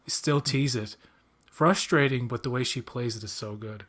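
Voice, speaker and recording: A man's voice: medium pitch, fairly even intonation, brisk, fairly bright tone. A man hosting a casual chat, rambling with many restarts and fillers as an enthusiastic fan. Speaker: podcast host.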